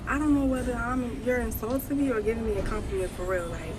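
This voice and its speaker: A woman's voice: a little high, fast, background noise. A woman telling a comedic story to camera in a chatty, incredulous way. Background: music.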